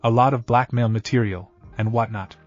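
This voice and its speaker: A man's voice: mid-range voice, steady tone, normal speed, close to an everyday voice. A man voicing a playful, mocking grown woman ninja who chuckles at a boy, over dull lo-fi audio. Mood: teasing. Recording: dull lo-fi audio with faint music.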